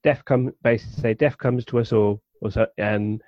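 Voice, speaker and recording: A man co-hosting a casual podcast chat, halting and searching for his words. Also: fairly low pitch, fairly even intonation, soft background music. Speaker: podcast co-host. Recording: dull, dry lo-fi mic.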